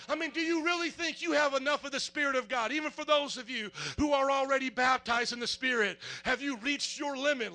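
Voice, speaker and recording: High, bright-voiced preaching pastor. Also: male voice, fairly quick, few pauses. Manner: call-and-response preaching, quizzing the congregation; fervent, builds to shouting. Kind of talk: sermon.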